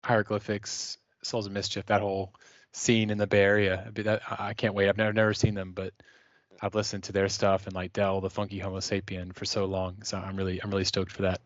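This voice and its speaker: A man's voice: deep voice, fairly quick, no echo. A man co-hosting a podcast in casual chat, talking enthusiastically. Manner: enthusiastic, excitable. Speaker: podcast co-host. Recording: dull lo-fi audio.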